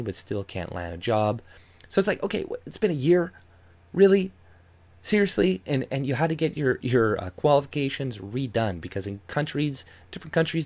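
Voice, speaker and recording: A man ranting angrily and sarcastically with heavy swearing while reading out and reacting to a news article. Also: fairly low pitch. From Canada. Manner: angry, profane, sarcastic ranting. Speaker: YouTube commentator.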